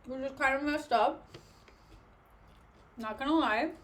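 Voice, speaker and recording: A woman's voice: high-pitched, a little slow. A young woman chatting casually with her live-stream viewers from home, joking and snacking between remarks. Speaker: livestreamer. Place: at home, sitting on the floor.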